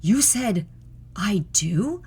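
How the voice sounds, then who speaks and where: A woman voicing an excited, eager female coworker. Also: mid-range voice, extremely slow, very noisy.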